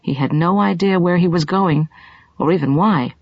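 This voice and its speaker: A woman narrates an audiobook with a somewhat low, breathy voice. Her reading is dramatic, pushing emphasis up and down through the story. The recording is dull and lo-fi, with no room sound at all. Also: normal speed, no echo.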